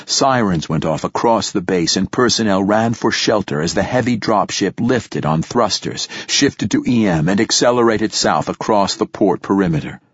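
Brief: male audiobook narrator, measured, dry close sound, slightly muffled recording. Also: on the low side, lively intonation, slightly rough, no echo. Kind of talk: scripted narration.

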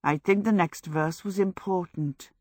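A woman's voice: fairly low pitch, a little slow, no room sound. A vain, theatrical young male wizard , as a woman narrator reads him, full of dramatic exasperation in a storybook reading. The voice sounds close and dry. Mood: exasperated.

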